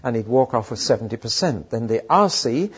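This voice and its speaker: A man's voice: mid-range voice, expressive, a little fast, breathy edge. An older man preaching a sermon, telling stories and asking emphatic rhetorical questions. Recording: dull lo-fi sermon recording.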